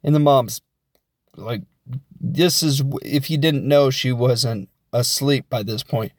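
A man talking through a movie recap in a loose, rambling way, tossing in jokey asides as he goes. His voice sits at an ordinary middle pitch. It is recorded close and dry, with no room sound around it. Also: slow pace, no room sound. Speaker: film reviewer. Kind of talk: casual spoken film recap.

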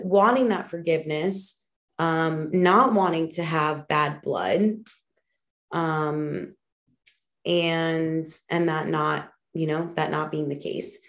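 Candid, low-voiced woman podcaster. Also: measured pace. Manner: candid and emphatic, swears casually, many fillers. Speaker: podcast host. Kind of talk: personal reflective monologue.

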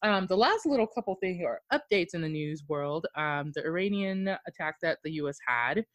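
Animated podcast host in dry sound. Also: mid-range voice, moderate pace, no room sound. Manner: rambling and animated, many "like" fillers; laughs often. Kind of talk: casual chat.

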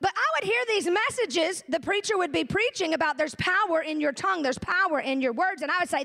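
A woman pastor delivers a lively sermon. Her voice sits high, and she mixes homespun humor with direct questions to the congregation. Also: a little fast, creaky, few pauses. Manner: animated, folksy, humorous preaching with audience asides.

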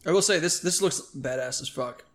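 A man's voice: a little high, a bit bright. A man co-hosting a casual podcast, joking and swearing, often stopping and restarting his sentences. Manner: joking, profane, halting with restarts. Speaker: podcast co-host. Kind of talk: casual chat.

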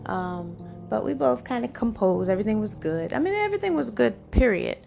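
Chatty woman with a gravelly voice. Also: on the high side, a little fast. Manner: animated, chatty, full of "like" and "you know". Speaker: podcast host. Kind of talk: casual personal storytelling. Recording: music playing underneath. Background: background music.

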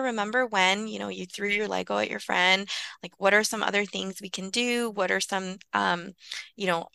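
A woman's voice: medium pitch, vocal fry, sharp tone, clear, resonant tone, no echo. A woman guest on a podcast interview, explaining early childhood care in an earnest, conversational way with lots of "like" and "you know".

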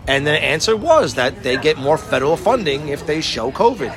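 A man's voice: a little high, big pitch swings, normal speed, few pauses. A man in casual chat who swears a lot and acts out quotes while telling stories. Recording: crowd noise behind.

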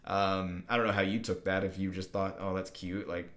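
A young man co-hosts a casual podcast, his voice sitting a little on the low side. He rambles through a story with plenty of fillers and restarts. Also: level tone, brisk, fairly bright tone. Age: young adult. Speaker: podcast co-host.

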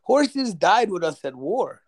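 A man in a casual podcast chat, animated and joking, acting out animals' thoughts in quick put-on voices. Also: high voice. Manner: animated, laughs, acts out pets in put-on voices.

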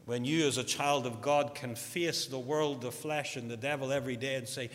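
A man preaching a sermon, slow and emphatic, stressing key words. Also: a little high, fairly bright tone. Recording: long hall reverb.

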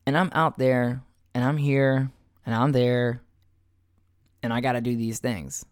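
A man's voice: mid-range voice, steady tone, a little slow, clear, resonant tone, no echo, studio quality. A young man hosting a solo podcast, talking loosely and profanely with a motivational self-talk manner. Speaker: podcast host. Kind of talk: casual solo podcast monologue.

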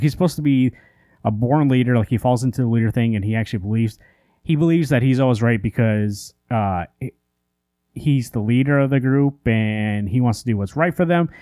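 This comic book podcast co-host speaks fairly quickly at a medium pitch, with lively intonation and a touch of mellowness. His casual, exasperated rant meanders with plenty of fillers and false starts, recorded in a clean studio without echo.

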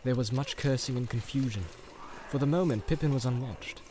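A man reading an audiobook in steady storytelling narration. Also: mid-range voice, fairly quick. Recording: background noise.

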